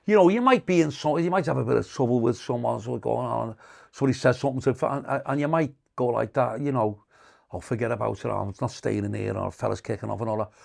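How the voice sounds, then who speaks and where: An older British man, a comedian, telling profane, animated stories in casual podcast talk. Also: medium pitch, quick pace, creaky. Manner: profane, animated anecdotes, acts out quoted insults loudly. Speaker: comedian guest.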